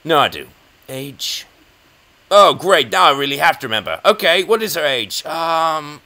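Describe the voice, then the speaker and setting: A chess channel host with an English accent comments on his own chess game, rambling, mocking himself, and talking to himself and his opponent. His voice is fairly high with big pitch swings and a sharp tone, at a moderate pace.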